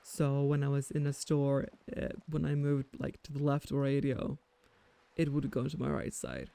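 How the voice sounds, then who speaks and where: A streamer casually commenting on a game and reading lines aloud, musing and swearing in an unhurried way. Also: female voice, very deep voice, expressive, gravelly, mellow, dry recording.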